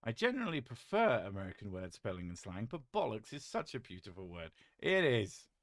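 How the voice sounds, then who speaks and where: A British man chatting casually on a live stream, reading chat aloud with a joking, deadpan manner and casual swearing. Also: lowish voice, fairly quick, no echo, clean studio sound.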